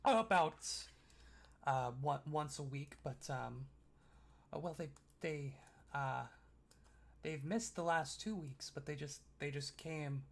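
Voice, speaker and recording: A man's voice: fairly high pitch, takes it slowly, gravelly, full character voice. A man voicing a nervous, sweaty, balding older shopkeeper who stammers and apologizes over and over. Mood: jittery.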